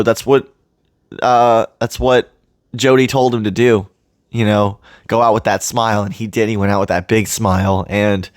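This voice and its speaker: A man's voice: fairly low pitch, dry recording, studio quality. A man hosting a reaction video, earnest and emotional, his voice cracking at times as he talks about a TV episode. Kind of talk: emotional fan commentary.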